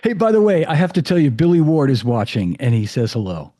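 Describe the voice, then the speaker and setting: A man's voice: fairly high pitch, very animated, brisk, warm tone. A man hosting a podcast interview, chatty and effusive with many fillers. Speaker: podcast host. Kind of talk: casual interview chat.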